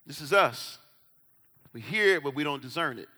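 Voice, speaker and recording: A man preaching a sermon as pastor, swinging between quiet, low asides and loud shouts, and acting out the voices of Bible characters. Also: lively intonation, moderate pace. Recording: hall reverb.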